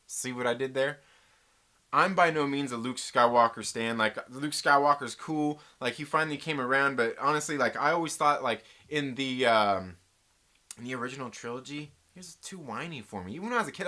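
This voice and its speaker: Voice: mid-range voice, fairly quick. A YouTube reviewer giving a casual, ranting review, joking and swearing, full of slang like "dude" and "bro". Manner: animated, profane, joking rants. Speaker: YouTube pop-culture reviewer.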